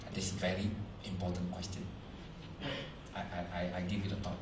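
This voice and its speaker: A man giving a seminar talk to a live audience, animated, quizzing the crowd, in broken English phrasing. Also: sits low, fast, reverberant, distant mic, slight background noise, low-quality recording. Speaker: motivational speaker at a business seminar.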